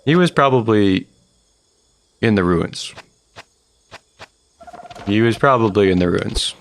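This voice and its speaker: A man's voice: fairly low pitch, expressive, takes it slowly, vocal fry, a little hiss or hum. A man streaming a video game, rambling casually and chatting with his viewers as he plays. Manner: rambling, chatty, talks to viewers while playing. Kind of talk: casual gaming commentary. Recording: game music under the voice. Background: video game music.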